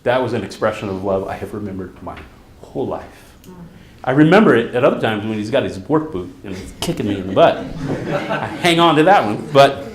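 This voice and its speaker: A man's voice: mid-range voice, roomy sound. A middle-aged man, a therapist, giving a conference talk, telling stories and acting out the quotes. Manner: storytelling, animated, acts out quotes. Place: conference hall.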